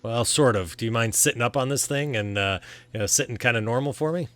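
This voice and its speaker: A man's voice: mid-range voice, quick pace, fairly bright tone, lightly acted. A man voicing a friendly, chatty wanderer on horseback in a tabletop game. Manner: easygoing, chatty, wary.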